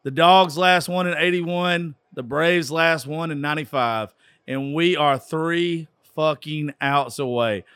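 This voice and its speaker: A man's voice: on the high side, a little slow, fairly bright tone, clean tone, no echo, studio quality. A tipsy man from Georgia with a Southern accent, hosting a rowdy, profane live sports call-in style show. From Georgia, USA. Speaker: radio show host. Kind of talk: drunk live sports commentary.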